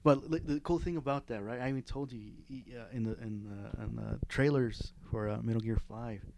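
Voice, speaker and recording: A man's voice: mid-range voice, a little fast, background noise. A man who is a guest on a podcast, talking in casual chat, rambling and hesitant.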